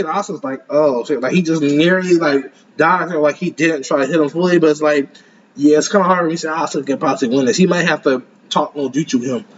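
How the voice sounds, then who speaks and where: A young man giving casual, excitable commentary as an anime reaction host, rambling and laughing often. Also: a little high, lo-fi sound, a little hiss or hum.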